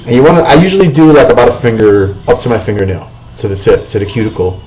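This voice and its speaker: A man's voice: medium pitch, quick pace, a little mellow, rough recording. A man hosting a casual cooking vlog from his home kitchen, rambling and swearing freely as he talks. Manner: profane, rambling, keeps asking "you know what I'm saying".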